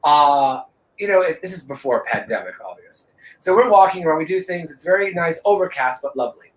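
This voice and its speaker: Male co-host, profane and animated raconteur; higher-pitched voice in an echoey room. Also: a little fast. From Los Angeles. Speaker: podcast co-host. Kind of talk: casual chat storytelling.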